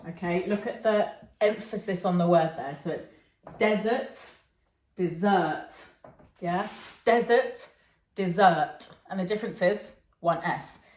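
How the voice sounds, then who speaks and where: A woman with a lowish, darkish voice speaks at a normal speed, teaching an online English lesson from an echoey room. As an English teacher, she explains patiently and keeps checking in with her learners using "okay" and "yeah."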